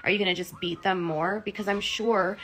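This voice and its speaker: A woman's voice: mid-range voice, steady tone, brisk, fairly bright tone, rough recording. An emotional woman hosting a livestream, talking in an impassioned, indignant, rambling way with fillers. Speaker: livestream host.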